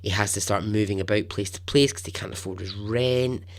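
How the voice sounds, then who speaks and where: A man hosting a storytelling podcast, narrating in a chatty, animated way with asides. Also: fairly low pitch, a little fast. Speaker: podcast host.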